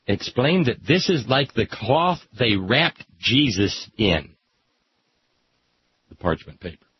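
A man reading aloud with sardonic, deadpan asides. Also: mid-range voice, slow pace, a little hiss or hum. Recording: dull lo-fi recording.

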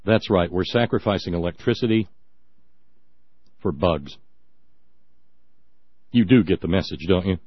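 A man's voice: low voice, a little slow, pauses often, husky. A man giving scornful, sarcastic, rambling radio commentary. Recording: dry, dull lo-fi audio.

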